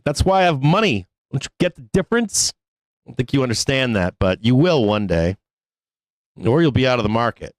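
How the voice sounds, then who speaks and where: A man's voice: mid-range voice, big pitch swings, a little fast, no echo, low-quality recording. A man hosting a live stock market show, ranting in exasperation with frequent laughter and cursing. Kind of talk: live-stream rant.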